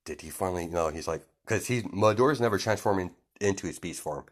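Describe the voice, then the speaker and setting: A man's voice: low voice, fairly quick. A man casually retelling a made-up story off the cuff, rambling with lots of fillers and restarts.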